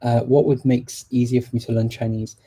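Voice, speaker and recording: A man's voice: medium pitch, little pitch movement, fairly quick, mellow, breathy edge. A man hosting a casual live stream, answering viewer questions with many fillers and restarts. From England. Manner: hesitant, many fillers and restarts while switching languages.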